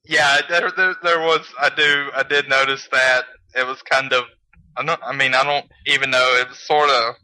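A man's voice: mid-range voice, level tone, moderate pace, sharp tone, poor audio. A man co-hosting a casual wrestling podcast, hesitant and stumbling over repeated words. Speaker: podcast co-host.

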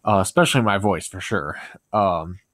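A man's voice: deep voice, normal speed, fairly bright tone, no echo. A man talking casually to camera in a rambling, self-deprecating way. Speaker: video creator. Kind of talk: casual vlog talk.

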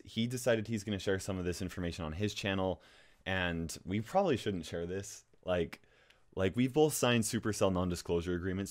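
Anxious gaming YouTuber man, nervous laughs. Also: deep voice. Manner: restless, with frequent restarts and fillers. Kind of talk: casual talking-head vlog.

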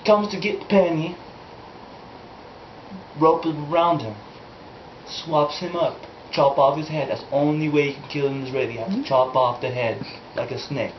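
At a moderate pace and a high-leaning pitch, a man improvises and rambles as the comic host of an amateur sketch, using a vague put-on foreign accent. Slight background noise sits under the roomy, dull lo-fi home-video sound.

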